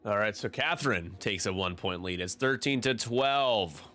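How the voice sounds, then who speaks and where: A man's voice: on the low side, lively intonation, normal speed, pushed and bright, soft background music. A man casually commentating a tabletop game on a stream, chatty and rambling, often restarting his sentences.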